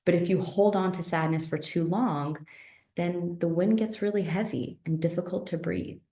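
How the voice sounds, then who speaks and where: A woman with a fairly low voice gives a relaxed health lesson and keeps checking in with her listeners. Her talk is chatty and full of questions. The sound carries a noticeable room echo. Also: normal speed. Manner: conversational, asks rhetorical questions, frequent "right?". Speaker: naturopathic teacher. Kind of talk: online health lecture. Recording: roomy echo.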